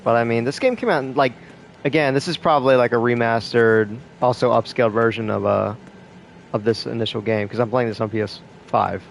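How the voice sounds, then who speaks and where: A man's voice: medium pitch, a little fast, gravelly, a little hiss or hum. A young man casually commenting on a game he is playing, rambling with lots of fillers and swearing. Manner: rambling, profane, trailing fillers. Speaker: gamer.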